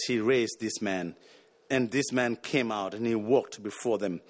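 A man's voice: medium pitch, normal speed. A man preaching a sermon, emphatic and repeating words as he searches for them.

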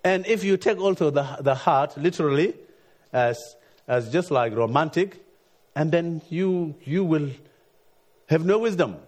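Halting preacher man, frequent restarts. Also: fairly high pitch, expressive, darkish tone. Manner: halting, repeats words, frequent "you see". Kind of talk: sermon with personal story.

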